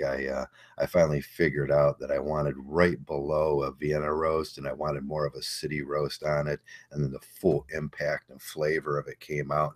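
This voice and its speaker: A man hosting a livestream, talking casually and rambling with many fillers. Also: rumbling low. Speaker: livestream host.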